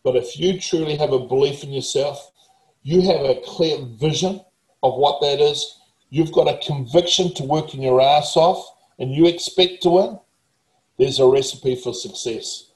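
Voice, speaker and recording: A man's voice: fairly high pitch, unhurried. Swearing New man, roomy sound. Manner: blunt, swears heavily, emphatic. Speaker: motivational speaker. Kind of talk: casual talk.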